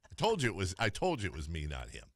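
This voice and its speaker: A man's voice: low voice, wildly swooping pitch, no room sound. A man hosting a sports radio show in a studio, trading jokes and self-mocking banter with his co-host. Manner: joking, self-mocking, quick laughs. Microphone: studio microphone.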